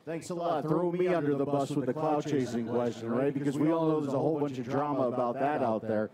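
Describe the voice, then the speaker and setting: A man's voice: medium pitch, fast, recorded from a distance, over a noisy crowd. An American man talking casually and earnestly to an audience as a conference panel speaker. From United States. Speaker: panel speaker, product reviewer. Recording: loud audience noise in a conference hall.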